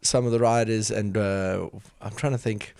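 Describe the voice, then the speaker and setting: A man's voice: on the low side, steady tone, moderate pace, creaky, a little mellow, clean tone, no room sound, clean studio sound. A man guesting on a podcast, chatting casually with frequent laughs and lots of "like". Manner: chatty, laughs a lot, says "like" often. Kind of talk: casual chat.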